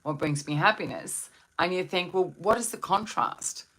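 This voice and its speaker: Talking at a normal pace, a meditation and wellbeing host reflects gently with her live-stream viewers and asks them questions. Her voice sits on the low side and is fairly bright.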